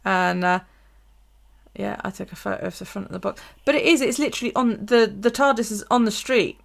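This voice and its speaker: A woman's voice: medium pitch, fairly quick, creaky. A woman telling a story on a casual live stream, swearing freely and laughing as she goes. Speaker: bullet journal live streamer.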